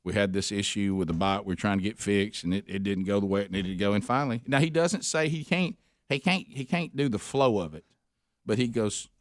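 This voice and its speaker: A man's voice: fairly low pitch, fairly quick, no room sound, studio quality. A middle-aged man hosting a morning radio show, telling stories casually and rambling with many restarts and asides.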